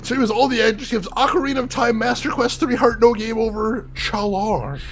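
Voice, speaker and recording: A man's voice: very high voice, fairly quick. A young man doing playful, chatty commentary on a live game stream, greeting viewers by name. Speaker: livestreamer. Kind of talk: casual game livestream commentary.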